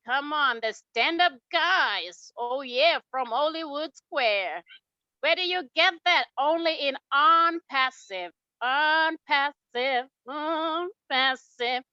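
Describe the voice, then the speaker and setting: A woman hosts a webinar, heaping praise on each attendee in a rallying, effusive way. Her voice sits high and sounds bright and sharp. The sound is dry and muffled, like a lo-fi video call. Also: no room sound. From Papua New Guinea. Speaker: webinar host. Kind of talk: upbeat online webinar shout-outs.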